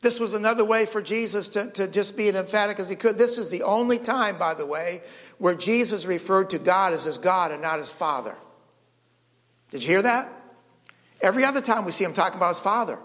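A man's voice: high voice, expressive, brisk, fairly bright tone. Preaching man in a reverberant hall. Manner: emphatic, addresses congregation with "okay?" and "right?". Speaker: pastor. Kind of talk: sermon.

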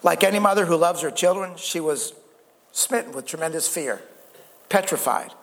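In a reverberant church hall, a male pastor preaches earnestly at a moderate pace, his voice on the high side and a bit bright. He stammers into restarts and calls out for an amen.

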